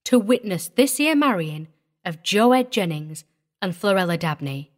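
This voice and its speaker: A woman's voice: on the low side, sing-song. Old country preacher read by a woman, humble and solemn, folksy drawl, slightly raised voice. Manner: folksy rural dialect, slow and solemn.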